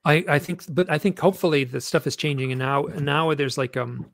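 A man, a guest author, telling stories in an animated, rambling way with many restarts. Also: fairly high pitch, brisk, gravelly, no echo, studio quality. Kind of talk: storytelling interview chat.

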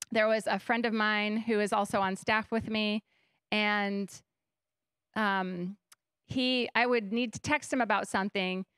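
A woman's voice: mid-range voice, fairly bright tone, clear, resonant tone, dry recording, clean studio sound. A young woman pastor giving a conversational sermon in a church, telling stories animatedly and acting out her own thoughts. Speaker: guest pastor. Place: church stage.

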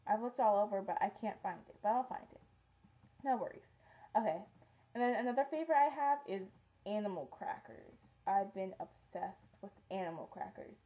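A woman's voice: mid-range voice, expressive, fairly quick, phone-quality sound. A teenage girl chatting through a casual beauty favorites vlog, rambling with lots of ums and likes. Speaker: beauty vlogger.

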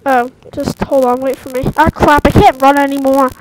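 A young woman commenting on her own gameplay in casual chat, excitable, yelping and tossing out silly mock curses. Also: high voice, moderate pace. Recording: noisy home mic recording.

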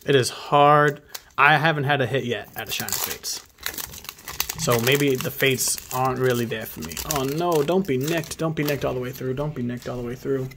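A man casually commenting while he opens trading card packs, excitable and often muttering card names half under his breath. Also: medium pitch, normal speed, noisy background. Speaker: card opening channel host. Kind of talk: casual pack opening commentary.

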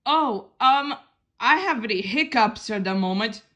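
A woman's voice: on the high side, lively intonation, a little slow, sharp tone, lo-fi sound. A woman voicing a flustered puppet who has the hiccups and keeps sighing and dithering in an amateur puppet show. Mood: fretful.

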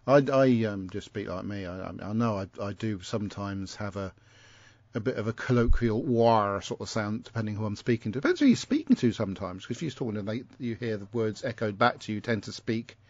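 Man, southern English accent, low voice, rambling, dry close sound, lo-fi. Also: fairly quick, a little mellow, no echo. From Isle of Wight. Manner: rambling, self-correcting, chatty. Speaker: podcast host. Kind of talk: casual chat. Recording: dull lo-fi home recording.

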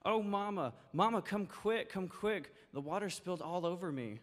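Casting: man playing whiny little girl, high and pleading, in a reverberant church hall. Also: animated, moderate pace, fairly bright tone.

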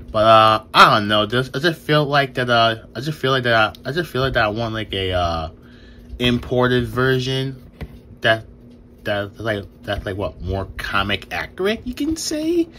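A young man hosting a casual toy review vlog, excited, stumbling over his words and laughing often, recorded on a new phone camera. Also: mid-range voice, normal speed, a little hiss or hum. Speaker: toy reviewer and channel host.

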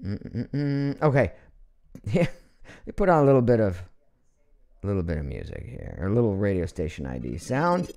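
A middle-aged man from Ohio hosting a casual live stream at home, chatty and animated, reading out viewer comments with frequent laughs. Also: on the low side, normal speed, vocal fry, pauses often. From Ohio, USA.

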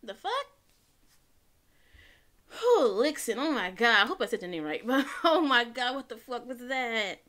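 A woman hosting a gaming channel and giving excitable let's-play commentary, gasping, swearing and jumping at scares. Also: a little high, normal speed, hardly any pauses.

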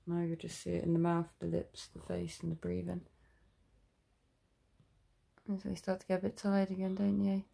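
A mother in a home video, gently coaxing her baby in sing-song baby talk and calmly explaining to the camera. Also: on the low side, moderate pace, vocal fry, pauses often.

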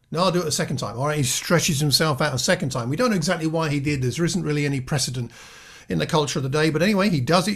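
Male preacher, mid pitch, earnest and reflective, often restarts and asks rhetorical questions. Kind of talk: reflective Bible teaching.

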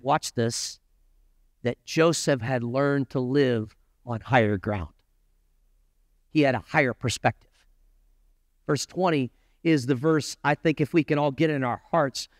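A male pastor preaching a sermon, moving between conversational asides to the congregation and impassioned stretches with big emphatic rises in pitch. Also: no room sound, clean studio sound.

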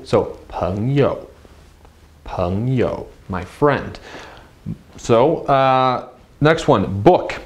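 A man teaching a beginner language lesson in an upbeat way, drilling words slowly and repeating each one. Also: mid-range voice, lively intonation. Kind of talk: classroom-style language lesson.

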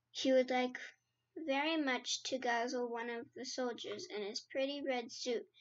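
A woman reading the part of a big, gentle male giant who talks in slow, muddled grammar and made-up words. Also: high voice. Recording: slightly dull lo-fi sound.

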